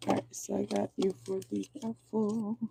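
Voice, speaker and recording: Hoarse lady doing a casual tarot stream, voice almost gone, really dark and gravelly. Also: mid-range voice, little pitch movement, moderate pace. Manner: chatty, reads viewer comments aloud. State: hoarse, voice going out. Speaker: tarot reader. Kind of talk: casual live tarot reading. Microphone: phone or laptop in a car.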